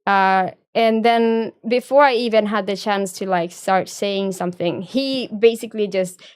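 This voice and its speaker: A woman's voice: medium pitch, unhurried, clean tone. A young woman streamer, telling a story in a rambling, casual way and swearing freely. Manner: rambling, profane, laughs often.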